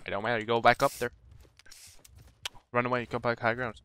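A man giving live gameplay commentary, coaching his teammates and shouting at big moments. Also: mid-range voice, flat delivery, a little fast, a little hiss or hum. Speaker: gaming video creator.

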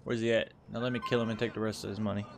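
A man's voice: lowish voice, flat delivery, very fast, a little hiss or hum. A young man casually commenting to himself as he plays a game on a live stream, laid-back and swearing now and then. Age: young adult. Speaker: streamer playing a video game.

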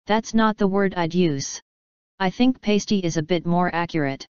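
Teasing jock guy in an audiobook voiced by a woman, low-ish, dry dull sound. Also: normal speed, a little mellow, smooth, dry recording, close to an everyday voice. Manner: playful, teasing. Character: teasing athletic young man. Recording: dry, slightly dull studio recording.

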